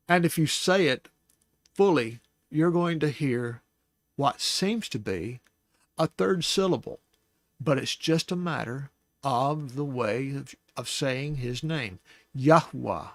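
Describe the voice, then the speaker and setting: Slow, unhurried man teaching scripture. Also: mid-range voice, dry recording, clean studio sound. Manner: unhurried, thinking aloud with restarts and soft laughs. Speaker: Bible study teacher.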